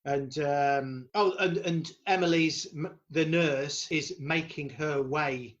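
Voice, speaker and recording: A man's voice: a little high, fairly even intonation, takes it slowly, a bit bright, highs cut off. A man co-hosting a podcast, casually recapping a horror film plot with swearing and laughter. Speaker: podcast co-host.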